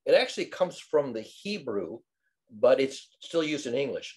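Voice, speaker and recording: An older man in a casual group discussion, telling wry stories in a lively, animated way. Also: medium pitch, moderate pace. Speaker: study group participant.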